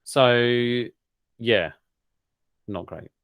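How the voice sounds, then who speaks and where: A man's voice: mid-range voice, very slow, fairly bright tone, clean tone, no echo, studio quality. A man co-hosting a podcast, rambling and joking in casual chat, often laughing. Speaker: podcast co-host.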